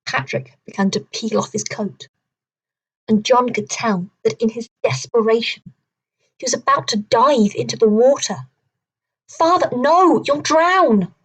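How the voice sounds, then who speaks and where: A woman narrating a children's adventure novel in a steady, measured reading voice. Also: on the high side, slightly rough. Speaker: audiobook reader. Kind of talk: storybook narration.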